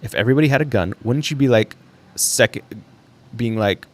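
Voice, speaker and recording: A man's voice: mid-range voice, brisk. A young man hosting a casual solo livestream, thinking aloud in a rambling way with fillers and the odd laugh. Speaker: livestream host.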